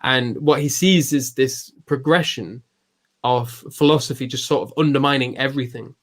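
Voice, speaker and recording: A man's voice: medium pitch, moderate pace. A man hosting a podcast, explaining philosophy in a loose, thinking-aloud way with many restarts and fillers. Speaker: podcast host. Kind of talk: casual philosophical discussion.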